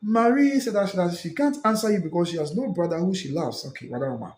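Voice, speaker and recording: A man's voice: high voice, expressive, fast, a little mellow, echoey room. A Ghanaian man hosting a live stream, reading out viewer comments and reacting, switching between English and Twi. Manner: mixes English with Twi, reacts and repeats phrases.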